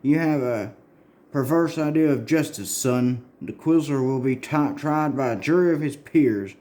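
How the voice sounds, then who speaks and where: A man voicing a stiff, moralizing middle-aged male superhero from a comic, speaking in a measured, lecturing way. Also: medium pitch, warm tone, close to an everyday voice. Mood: preachy.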